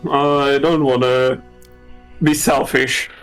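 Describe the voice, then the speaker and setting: A male player in a tabletop session, talking slowly and unsurely. He fills gaps with hesitations. Soft music sits in the background. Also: mid-range voice, level tone, clear, resonant tone. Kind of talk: playing a character in a tabletop game.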